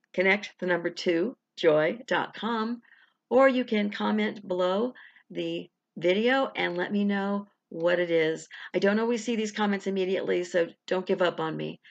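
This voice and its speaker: Woman affirmation coach, chatty and encouraging, gravelly fry, dull lo-fi sound. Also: medium pitch. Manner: encouraging, conversational, slow deliberate affirmations. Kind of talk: guided affirmation talk. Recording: dull lo-fi recording.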